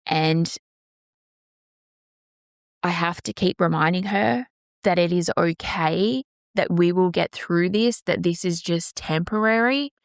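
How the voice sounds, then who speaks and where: A woman's voice: on the low side, slow pace, pauses often, dry recording, studio quality. A woman hosting her own podcast, talking candidly and passionately in a solo monologue. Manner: earnest, emphatic, passionate. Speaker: podcast host.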